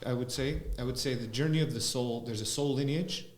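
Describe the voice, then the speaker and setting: A man, a spiritual teacher, talking slowly and reflectively as a podcast guest, often pausing with fillers. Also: mid-range voice. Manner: slow, musing, with frequent fillers. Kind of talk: reflective conversational talk. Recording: roomy echo.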